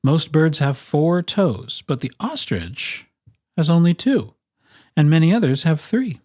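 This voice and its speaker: A storyteller reads a children's picture book aloud at an unhurried pace. The voice rises and falls in a lively way and puts playful emphasis on each item in a list. The sound is dry and close. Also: medium pitch, dry recording. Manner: expressive, playful emphasis on lists.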